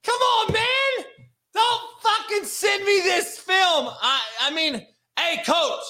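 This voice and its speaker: A man giving a profane, exasperated rant while reviewing high school football film, swearing heavily and breaking into laughter. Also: takes it slowly. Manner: loud, exasperated ranting with bursts of laughter; heavy swearing. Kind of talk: profane casual commentary on recruit film.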